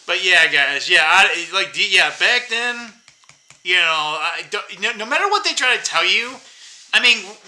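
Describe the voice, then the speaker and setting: A man's voice: high-pitched, very animated, normal speed, bright, forceful tone, low-quality recording. A man in his fifties rambling bitterly to his viewers in a casual monologue, swearing and laughing to himself. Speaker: vlogger.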